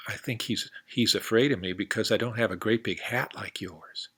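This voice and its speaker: A man voicing a sly male coyote trickster in a storybook tale, talking in a soft, wheedling way. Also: fairly low pitch, moderate pace, slightly rough.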